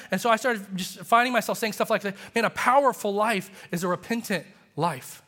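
Pastor, male, high voice, impassioned preaching style, church hall with long reverb. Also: a little fast, hardly any pauses. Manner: passionate, animated preaching with rising emphasis. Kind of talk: sermon. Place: church sanctuary.

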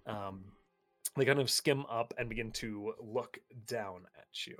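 A man's voice: fairly low pitch, measured pace, a bit bright, faint music behind. A man running a tabletop game as dungeon master, describing the scene with fillers and easy laughs.

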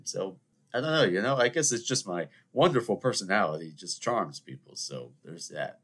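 Lively, rambling podcast host, a man. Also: lowish voice, moderate pace. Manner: rambling, animated and self-mocking. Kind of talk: casual solo monologue.

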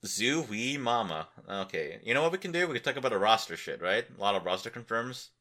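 A young solo podcaster speaks fast in a lowish, bright, pushed voice with big pitch swings. He rambles wearily, jokes crudely, and muses aloud while looking things up.

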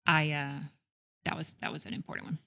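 A woman's voice: low-pitched, little pitch movement, vocal fry, pushed and bright, smooth. A middle-aged woman speaking as a podcast guest in casual chat, earnest and reflective, talking through her answers. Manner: earnest, reflective, quick to list things. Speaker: guest, real estate executive.

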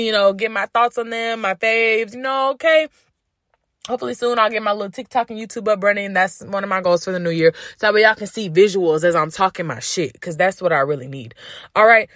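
A woman's voice: mid-range voice, no echo, clean studio sound. A woman hosting a casual celebrity gossip podcast, brash and profane, ranting and joking. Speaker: podcast host.

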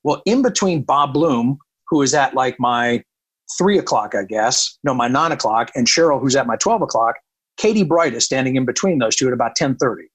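A man's voice: mid-range voice, moderate pace, slightly rough, rough recording. A man who works as a country radio programmer, telling a long anecdote in casual talk and acting out the dialogue. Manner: animated, quotes people in dialogue.

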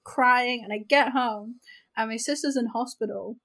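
Woman, New Zealand accent, slightly high pitch, casual podcast story, blunt, lots of "like". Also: unhurried, poor audio. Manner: frank, animated storyteller, swears casually and fills with "like". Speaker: podcast co-host.

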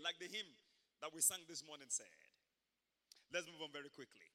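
A man pastor preaching a sermon at a church service, telling stories emphatically with sudden loud bursts. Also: fairly high pitch, moderate pace, in a large hall.

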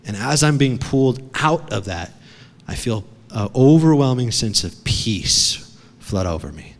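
A man preaching a sermon as a dramatic story, swinging from hushed to shouting. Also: mid-range voice, expressive, a little slow, long reverb tail. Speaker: pastor. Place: church.

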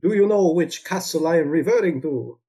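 A man hamming up a high, swooping Count Dracula. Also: expressive, a little fast, mellow, rough recording. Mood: bossy, melodramatic. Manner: pompous, commanding, melodramatic. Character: theatrical male vampire count, grandiose and bossy. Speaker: guest. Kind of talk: comedic podcast role-play. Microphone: remote call from a computer.

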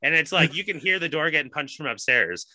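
A man's voice: on the high side, expressive, a little fast, sharp tone, dry recording. A man hosting a podcast in casual chat, telling rambling stories with a lot of swearing. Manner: swears often, ranting storyteller. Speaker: podcast host.

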